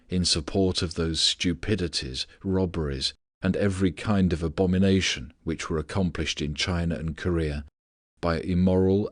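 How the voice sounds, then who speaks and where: A man narrating a philosophical audiobook in a measured, steady reading voice. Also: sits low, no room sound, studio quality.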